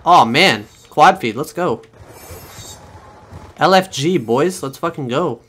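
A man's voice: on the high side, takes it slowly, slight background noise. Foul-mouthed man commentating his gameplay. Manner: profane, excitable, talks to his viewers. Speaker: gaming channel host.

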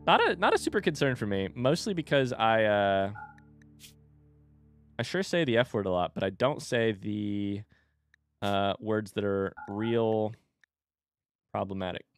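A man's voice: on the low side, lively intonation, unhurried, pauses often. A man chatting casually and joking as he streams a game from a room at home, swearing freely and talking to his chat. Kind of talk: casual live-stream commentary.

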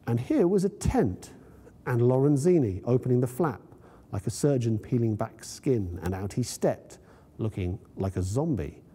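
A man, the author, reading his short story aloud at a university in a measured, vivid way. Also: medium pitch, warm tone, breathy edge. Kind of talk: literary reading. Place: university lecture room. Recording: long reverb in a lecture hall.

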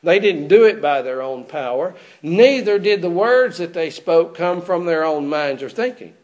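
A man's voice: a little high, expressive, moderate pace, a little mellow. A man preaching an expository sermon in a church, putting rhetorical questions to his congregation.

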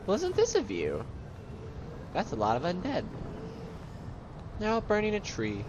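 A man chatting over a video game playthrough, his pitch swinging widely as he jokes and talks back at the enemies. The recording is noisy, with clear hiss and game sound under his voice. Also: sing-song, moderate pace, pauses often, a bit bright, muffled recording. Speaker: gameplay commentator. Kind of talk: let's play commentary.

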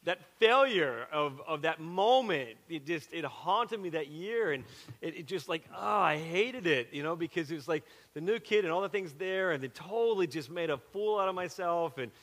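A middle-aged Southern man preaching in a church, his voice pitched high and sounding bright and forceful. He tells stories in a chatty, animated way, full of asides, and the sanctuary gives it a long, ringing reverb. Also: normal speed. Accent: Southern with a Western Pennsylvania twist. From South Carolina. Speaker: pastor. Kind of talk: sermon with personal story.

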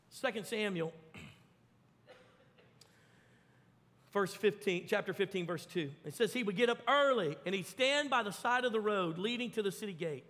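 A man preaching a sermon, telling the story with lively acted-out voices. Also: high voice, long reverb tail. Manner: animated storytelling, acts out voices. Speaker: pastor. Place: church.

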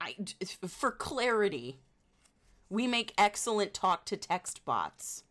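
A woman with an Indiana accent chatting casually with her viewers as a livestreamer, in a wry, joking way and quick to laugh. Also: medium pitch, sing-song, fairly bright tone. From Indiana, United States.

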